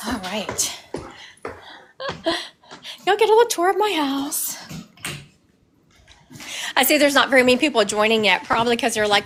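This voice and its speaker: Middle-aged woman, psychic medium type, casual rambling livestream chat on a handheld phone at home, voice sits a bit high. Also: lively intonation, normal speed, pauses often, a bit bright, a little hiss or hum. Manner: rambling and chatty. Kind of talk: chatty livestream. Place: her home.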